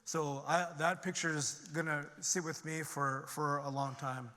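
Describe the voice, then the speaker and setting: A man's voice: steady tone, a little slow, bright, forceful tone. A middle-aged man giving an earnest, emphatic personal recovery testimony from a stage to a conference audience. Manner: earnest and emphatic, climbing in pitch and volume when stirred. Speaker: conference speaker. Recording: long reverb of a large hall.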